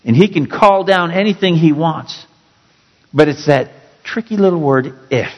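Male pastor, emphatic sermon delivery, lightly raised pitch, ringing hall sound. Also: lively intonation, measured pace, lo-fi sound. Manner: dramatic, emphatic storytelling with sudden drops to quiet.

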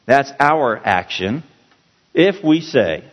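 A man teaching a Bible passage as a pastor, slow and emphatic, repeating key words for his listeners. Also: medium pitch, animated. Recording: dull, roomy hall sound.

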